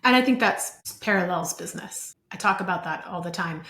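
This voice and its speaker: A woman's voice: fairly low pitch, fairly quick, fairly bright tone. A woman hosting an interview, talking in an engaged way and explaining her points with sports comparisons. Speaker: podcast host. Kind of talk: conversational interview. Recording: echoey room.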